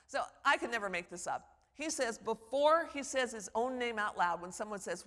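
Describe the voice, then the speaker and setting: Animated woman lecturing in a big hall. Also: medium pitch, fairly quick. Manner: animated, acts out quoted voices. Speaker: public speaking teacher. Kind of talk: conference lecture. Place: conference hall. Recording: long hall reverb.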